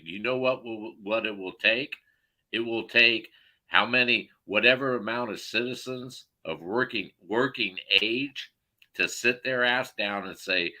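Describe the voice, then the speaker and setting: Pissed off guy ranting and cussing on a call, low pitch, real sharp tense tone. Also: unhurried, poor audio. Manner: profane, heated, loud outbursts. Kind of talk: angry political rant.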